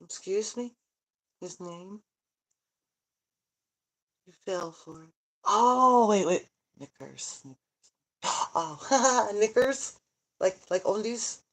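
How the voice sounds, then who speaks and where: Slow-talking joking middle-aged woman. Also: mid-range voice, expressive. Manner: joking, chatty, laughs often, answers viewer comments aloud. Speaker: vlogger, grandmother. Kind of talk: casual rambling livestream chat. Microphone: phone.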